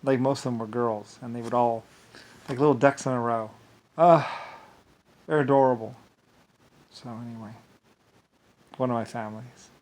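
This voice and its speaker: A man's voice: mid-range voice, steady tone, normal speed, pauses often, a little mellow. Man, mid-range voice, meandering vlog monologue, frequent laughs. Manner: meandering, laughs often, keeps saying "anyway". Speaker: vlogger. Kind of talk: rambling monologue.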